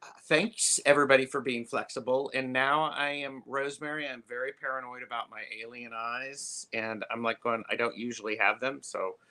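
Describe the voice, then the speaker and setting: A man hosting a live tarot stream, chatting casually with lots of fillers and pauses. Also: mid-range voice, steady tone, sharp tone. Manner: chatty, halting, many fillers.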